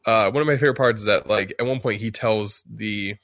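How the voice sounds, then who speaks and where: A man's voice: fairly low pitch, brisk, fairly bright tone, no room sound, studio quality. A man chatting casually on a podcast, rambling with many restarts and fillers while acting out quotes. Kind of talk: casual chat.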